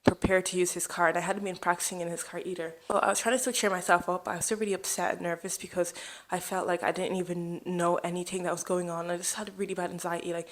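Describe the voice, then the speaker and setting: A young woman recounting a personal story straight to camera, rattling along at a quick clip. Her voice sits a little low for a woman, and she talks casually, with "like" in nearly every sentence. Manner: chatty, rambling, heavy use of "like". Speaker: vlogger sharing a testimony.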